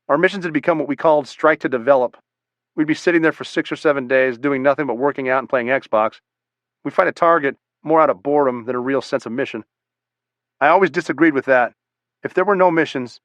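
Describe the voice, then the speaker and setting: A man narrating a first-person memoir audiobook in a steady, measured, matter-of-fact way. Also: medium pitch, no echo, muffled recording.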